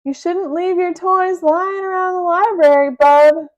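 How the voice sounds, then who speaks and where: A sly schoolboy speaks in a slow, knowing drawl, as a woman puts him on. The voice sits high, and the recording sounds dull. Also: animated, dark tone. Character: sly, laid-back schoolboy. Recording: dull low-fidelity sound.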